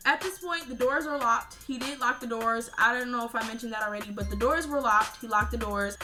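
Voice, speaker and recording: A woman of nineteen telling a personal story in a casual vlog, animated and emotional as she relives it. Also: fairly high pitch, a little fast, over music. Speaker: vlogger.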